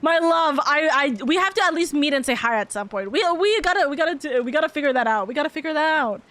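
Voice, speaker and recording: A woman with a high, bright speaking voice hosts a casual live stream. She rattles on quickly and affectionately, repeating herself as she greets her viewers one after another. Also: animated, no echo. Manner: bubbly, affectionate, rapid and rambling. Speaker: VTuber streamer.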